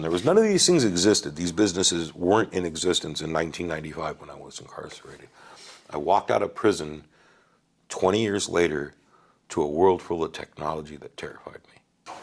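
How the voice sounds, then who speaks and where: A man in his forties from Wisconsin, a podcast guest telling his life story in a casual, animated and profane way, often asking "right?". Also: rumbling low, a little fast, creaky.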